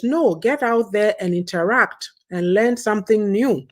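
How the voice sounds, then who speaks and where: A woman's voice: mid-range voice, a little slow, low-quality recording. A woman, hosting a casual chat and giving emphatic advice. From Ghana. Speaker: host.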